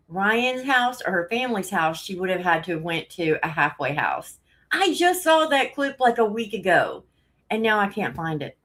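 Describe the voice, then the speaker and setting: A woman's voice: medium pitch, a bit bright. A woman hosting a casual live stream, out of breath, rambling and laughing often as she greets viewers.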